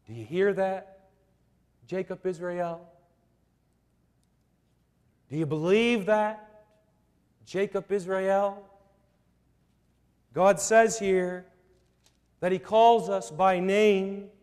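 A man preaching a sermon, slow and emphatic, with repeated rhetorical questions. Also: high-pitched, steady tone, darkish tone, big-room sound.

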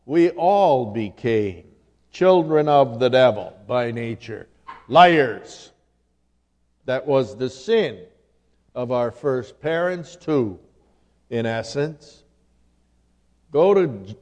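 A male preacher delivering a sermon in a deliberate, emphatic manner and quoting scripture in old-fashioned wording. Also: mid-range voice, dark tone. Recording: long hall reverb.

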